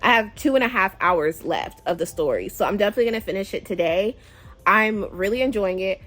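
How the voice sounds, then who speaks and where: A woman's voice: medium pitch, lively intonation, fairly quick, a bit bright, faint music behind. A woman hosting a casual book club vlog, chatty and emotive, often sighing as she reacts to the story. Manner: chatty and emotive, with frequent sighs.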